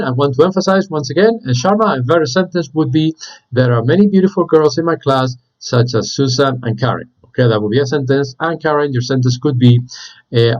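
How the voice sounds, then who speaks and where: A man teaching an online English class, explaining slowly and repeating words, adding "okay?" as he goes. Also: mid-range voice, darkish tone, dull audio.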